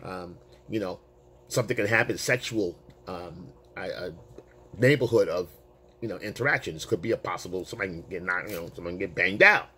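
A male dating coach telling a story to camera in a casual, animated way, swearing freely and using street slang. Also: low voice, brisk, slight background noise.

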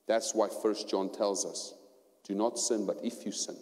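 A man with a South African accent preaching a sermon and telling his story, going from hushed tones to loud preaching. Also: on the low side, steady tone, moderate pace. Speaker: pastor. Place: church hall. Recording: long hall reverb.

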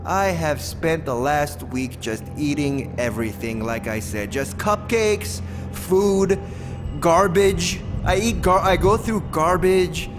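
A man's voice: on the high side, slow pace, over music. A man voicing a lonely, overeager dungeon dweller in a video game, gushing and rambling with stammers.

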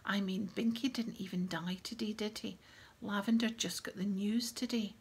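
A woman reading as an earnest, bookish teenage girl, quick and insistent. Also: mid-range voice, fairly even intonation, slight background noise, natural voice. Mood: anxious.

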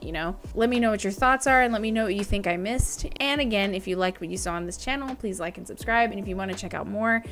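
A woman who teaches flute, talking to her viewers in a casual, upbeat reaction-video style. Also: mid-range voice. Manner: upbeat, chatty, wraps up with viewer call-outs.

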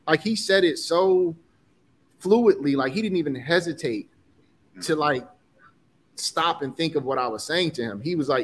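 This Chicago man in his forties, a designer and entrepreneur, talks at a brisk clip with a medium-pitched voice. As a guest in a candid interview, he tells personal stories earnestly, peppered with casual slang.

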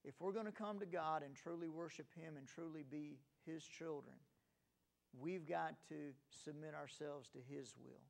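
A man delivers a sermon in an earnest pastor's voice, pitched a little high with a gravelly edge. He rises in pitch and volume when telling a story and drops lower and softer for the serious points. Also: normal speed.

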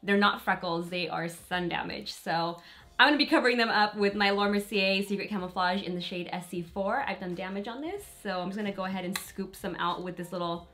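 A woman's voice: mid-range voice, fairly quick, a bit bright. A woman beauty vlogger chatting casually and candidly to her viewers while she applies makeup. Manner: chatty and candid, with small laughs and fillers; talks to viewers directly while applying makeup. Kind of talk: casual get-ready-with-me chat.

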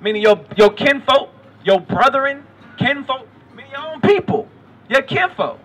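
High, sharp-voiced street preacher man. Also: big pitch swings, normal speed, soft background music. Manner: quizzing and directing the reader with repeated questions. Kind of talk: street preaching with call-and-response Bible reading.

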